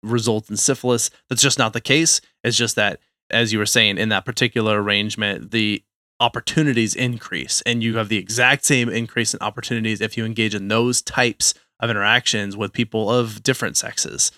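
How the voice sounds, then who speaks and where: A man's voice: lowish voice, steady tone, fairly quick, sharp tone, no room sound, clean studio sound. A man from the western United States, co-hosting a podcast, explaining health topics in careful casual talk with frequent restarts. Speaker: podcast co-host.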